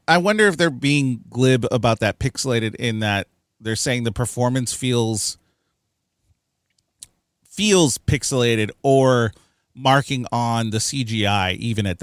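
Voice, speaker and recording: A man's voice: mid-range voice, slow, pauses often, dry recording, clean studio sound. Chatty man reviewing a film. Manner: animated, chatty, lots of fillers. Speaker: podcast co-host. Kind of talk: casual film review chat.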